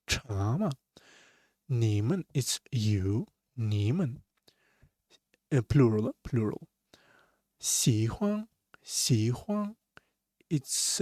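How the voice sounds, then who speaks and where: Guy teaching chinese words slow and patient, bouncy pitch, dry close sound. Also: darkish tone, dry recording. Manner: repeats each word slowly, drawn-out Chinese tones. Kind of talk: slow language lesson explaining words.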